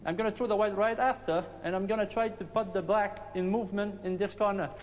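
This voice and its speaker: High-voiced trick shot player talking. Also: male voice, steady tone. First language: not English. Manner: chatty, plain, halting English with restarts. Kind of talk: explaining trick shots. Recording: reverberant hall with faint hum.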